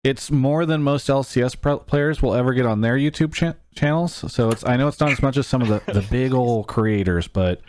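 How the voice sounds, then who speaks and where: A man's voice: mid-range voice, brisk, hardly any pauses, darkish tone, a little hiss or hum. A man hosting a podcast, wrapping up the show with wry, teasing, mock-exasperated banter. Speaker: podcast host. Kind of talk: casual show wrap-up chat.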